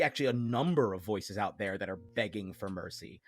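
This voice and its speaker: A man's voice: on the low side, expressive, a little fast, few pauses, soft background music. Man narrating a tabletop game. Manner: casual, hesitant with many uhs and likes. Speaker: game master.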